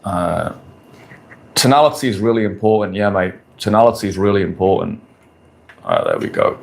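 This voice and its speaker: A man's voice: low-pitched, sing-song, a little fast, gravelly. A man in his forties answering questions on a casual live stream, talking bluntly and crudely, often repeating his points. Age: 40s. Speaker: dating coach streamer. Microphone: phone or camera on a stand.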